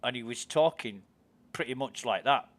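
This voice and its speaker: A chatty English man with an English accent, rambling through stories as he streams a game. He swears freely and laughs easily, and his voice sits at an ordinary middle pitch. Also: moderate pace. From England. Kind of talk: casual chat while gaming.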